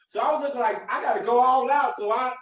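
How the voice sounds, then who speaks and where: A man's voice: very high-pitched, fast talker, fairly bright tone, lo-fi sound, a little hiss or hum. A man hosting a live podcast. He preaches with motivational emphasis. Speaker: podcast host. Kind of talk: live video podcast chat. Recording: echoey room, distant mic.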